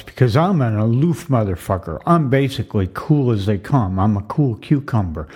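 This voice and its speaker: A man's voice: medium pitch, expressive, moderate pace, few pauses, a little mellow, husky. An older man in an impassioned, repetitive monologue, tearful with his voice cracking. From United States. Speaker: retired vlogger. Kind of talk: emotional monologue.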